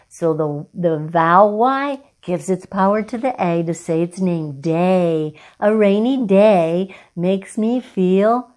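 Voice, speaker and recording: A middle-aged woman teaching a children's phonics lesson, talking slowly and clearly and praising the children often. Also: on the low side, darkish tone. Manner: encouraging, slow and clear, with drawn-out words for children.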